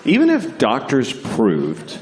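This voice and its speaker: A man doing a stand-up comedy set, telling stories in a deadpan, unhurried way and jumping into high character voices. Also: background noise. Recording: live venue with audience laughter.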